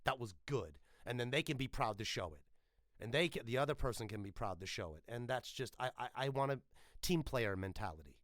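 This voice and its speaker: Bright, emphatic male voice actor. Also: mid-range voice, fairly quick, no echo, studio quality. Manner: animated, emphatic, swears freely. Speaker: voice actor guest. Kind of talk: casual interview chat.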